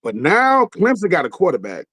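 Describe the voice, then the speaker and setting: A man in a casual sports debate, talking in a colloquial, emphatic way with quick asides. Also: high-pitched, huge pitch swings, fairly bright tone, no room sound. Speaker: panelist.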